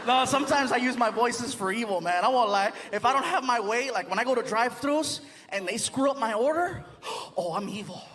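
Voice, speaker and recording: A man performing stand-up comedy with a notably high voice and animated, impression-filled storytelling. His voice rings through a large hall with a long reverb. A lively audience is clearly heard. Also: fairly quick, few pauses. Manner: animated, switches into many impressions. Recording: live stand-up in a large hall with a laughing crowd.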